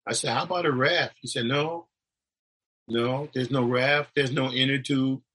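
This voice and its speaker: A man's voice: medium pitch, fairly even intonation, normal speed, a bit bright, husky, low-quality recording. A middle-aged man, a preacher, telling his vision of heaven with emotional, rising and falling storytelling.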